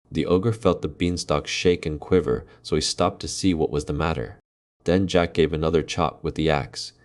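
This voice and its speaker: Deep-voiced man reading a fairy tale. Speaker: storyteller. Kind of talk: storybook narration.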